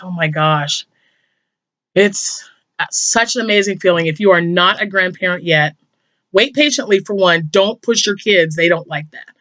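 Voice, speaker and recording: A woman's voice: mid-range voice, fairly bright tone, dry recording, lo-fi sound. An older woman, a grandmother, chatting emotionally to camera as a crochet vlogger and sometimes dropping to a whisper. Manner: emotional, chatty, drops to a whisper when moved. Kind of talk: casual chat to camera.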